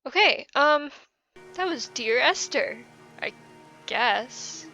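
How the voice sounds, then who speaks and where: Bright-voiced woman in an emotional game reflection. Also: high voice, expressive, slow, dull audio, soft background music. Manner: hesitant, rambling, many "I don't know"s; soft and emotional. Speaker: gaming channel host. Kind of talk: casual post-game reflection.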